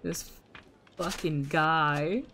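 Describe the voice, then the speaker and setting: A woman streamer with a fairly low voice who takes her time, unhurried even mid-rant. She swears freely and vents exasperation at the game while chatting to her viewers, with a faint hiss of noise behind her. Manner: exasperated, profane ranting at the game; talks to her chat audience. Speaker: streamer playing a video game. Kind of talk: casual live-stream commentary.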